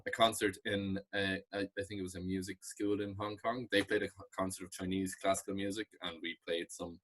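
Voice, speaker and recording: A man chatting as a podcast guest, an animated storyteller who often laughs. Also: low voice, a little fast. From Ireland. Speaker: guest, traditional musician. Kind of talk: casual podcast chat.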